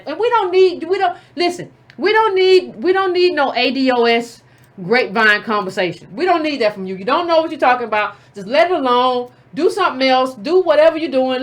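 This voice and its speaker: A woman hosting a commentary show, scolding and combative, often repeating herself. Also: high voice. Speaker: political commentator and show host. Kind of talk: casual direct-to-camera commentary.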